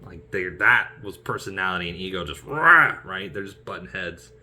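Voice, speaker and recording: A man's voice: low voice, level tone, fairly quick, bright, forceful tone. A man chatting casually and animatedly about favorite film scenes, laughing often. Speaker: aspiring actor vlogger.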